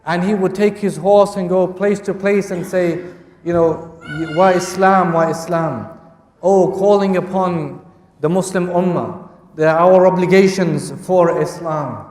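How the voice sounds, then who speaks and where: A man gives a historical storytelling lecture, weaving Arabic quotes into English and repeating phrases for emphasis. His voice is high. It is picked up from a distance, with a long reverb filling a large hall. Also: measured pace, dark tone. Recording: echoey hall from far off.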